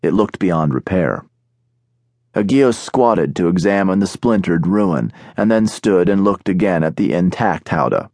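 Deep-voiced male audiobook narrator. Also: animated, unhurried, darkish tone, no room sound, studio quality. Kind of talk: scripted narration. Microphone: studio microphone.

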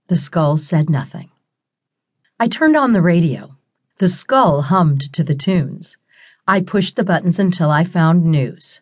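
A woman reads a first-person audiobook in a wry, expressive storytelling manner. Her voice sits a little low for a woman. She keeps the narration flowing and lively. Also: unhurried.

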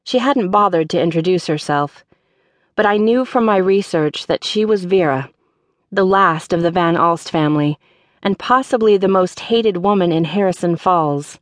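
A woman narrating a mystery audiobook in the first person, in a wry, measured voice. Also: lowish voice, dry recording, studio quality. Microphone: studio microphone.

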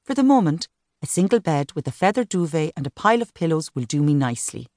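A good-humoured young woman with a wry, teasing way of talking, as a woman narrator voices her. The voice is lowish and recorded dry and close. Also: sing-song, fast talker, darkish tone, dry recording. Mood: joking. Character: warm, teasing young woman, best friend.

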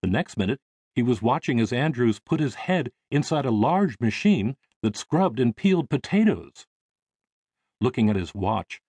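Expressive male audiobook narrator. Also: medium pitch, dry recording. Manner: expressive storytelling.

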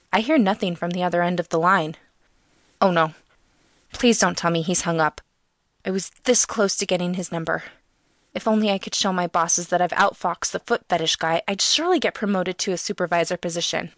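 A woman narrating a first-person comic novel in a lively, expressive, wry way. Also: fairly low pitch, fairly quick, no echo, clean studio sound. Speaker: audiobook narrator.

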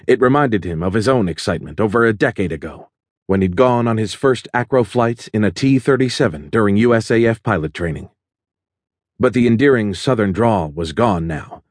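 A man narrating a thriller audiobook in a steady, measured storytelling manner. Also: fairly low pitch, no echo, studio quality.

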